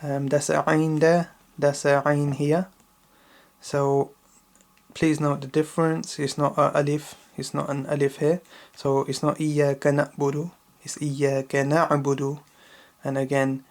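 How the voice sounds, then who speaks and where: With a slightly high voice, level tone and vocal fry, a man patiently teaches kids to recite the Quran slowly. Each verse gets several repetitions, punctuated by a questioning "yeah?".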